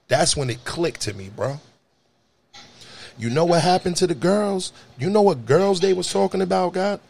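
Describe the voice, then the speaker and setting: Young adult man, casual profane storyteller, lively pitch. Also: normal speed, gravelly. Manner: animated, profane, jumps to high shouts when acting out scenes.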